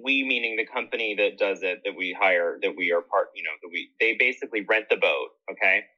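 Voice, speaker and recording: A man with a very bright, forceful voice tells lively stories in a casual chat, breaking into laughter and playful asides. The sound is a little dull and lo-fi. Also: lowish voice. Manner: animated, laughs often, theatrical asides. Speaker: podcast guest.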